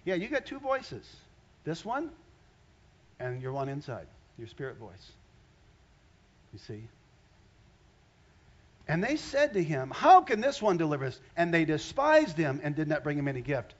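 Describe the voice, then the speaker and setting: A man preaching a sermon as a pastor, animated, swinging between loud exclamations and hushed asides. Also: a little high, unhurried, long pauses, lo-fi sound.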